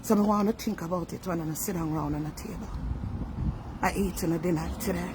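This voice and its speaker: A woman with a Jamaican accent, a home baker giving an animated casual holiday message to her customers. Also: fairly low pitch, fairly quick, background noise. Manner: animated, calls herself by her business name in the third person. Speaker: home baker selling cakes.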